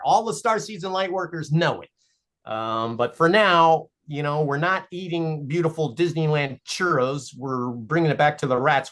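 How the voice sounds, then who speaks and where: Man, podcast guest, casual chat, playful storytelling, animated. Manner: animated storyteller, playful, rising into high excited bursts. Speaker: guest cartoon creator.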